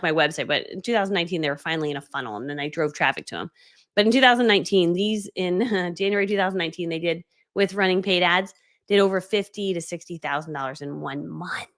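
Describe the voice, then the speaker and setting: Fast-talking animated woman on a livestream. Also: medium pitch. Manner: animated, acts out quoted dialogue. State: watery eyes. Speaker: online business coach. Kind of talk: casual livestream storytelling.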